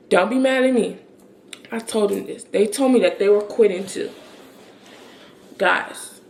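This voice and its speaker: A young woman vlogger chatting through a personal story in a loose storytime style. Her mid-pitched voice carries a gravelly edge of fry. She talks chattily, animated, and acts out the other people's lines as she goes. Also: a little hiss or hum. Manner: chatty, animated retelling with many fillers and quoted dialogue. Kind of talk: casual storytime.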